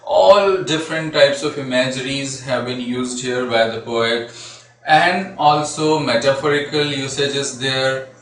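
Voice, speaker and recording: A man lectures on a poem at an unhurried pace, breaking up his points with "uh" fillers. He sounds a few steps from the mic, and the room around him rings with strong echo. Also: mid-range voice, fairly bright tone. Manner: slow and deliberate, with frequent "uh" fillers. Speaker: literature lecturer. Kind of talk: explaining a poem. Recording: very echoey room, distant mic.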